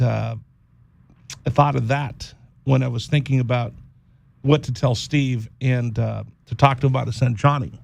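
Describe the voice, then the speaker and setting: A man hosting a radio show, speaking in a halting, heartfelt monologue, often repeating words and close to tears. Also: mid-range voice, creaky, darkish tone, dry recording. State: teary-eyed. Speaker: radio host.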